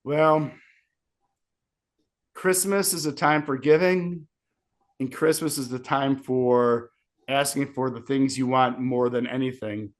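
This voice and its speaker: A man's voice: medium pitch, steady tone, slow, pauses often. A young man, a wrestler with sore ribs, rambling and self-pitying in a casual interview. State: sore ribs, wincing in pain.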